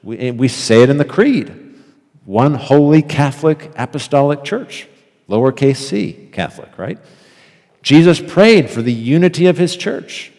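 A man of ordinary pitch delivers a lecture with earnest emphasis, often hammering a phrase several times. His voice carries a long reverb from a large hall. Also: big pitch swings, normal speed, a little mellow. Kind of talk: evening lecture on theology.

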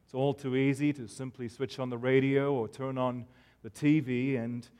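A man preaching a sermon, reading scripture and then addressing the congregation in a measured, deliberate way. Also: mid-range voice, flat delivery, darkish tone, smooth. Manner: slow, measured delivery with pauses.

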